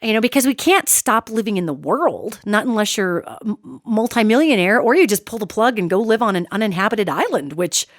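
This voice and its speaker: A middle-aged woman hosting a solo podcast, talking in an animated, emphatic way and calling her listeners "gang". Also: medium pitch, brisk, few pauses, no echo, studio quality. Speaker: podcast host.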